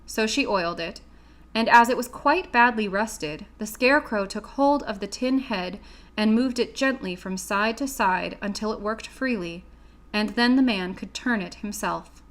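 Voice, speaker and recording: A woman reads a classic children's story aloud, steady and clear. Her pitch sits in the middle for a woman. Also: measured pace. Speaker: audiobook reader. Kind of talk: storybook narration.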